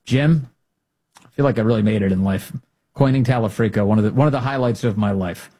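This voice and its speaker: A man's voice: lowish voice, fairly quick, dark tone, husky. A male talk show host giving casual political commentary, joking and candid, often restarting his sentences and laughing.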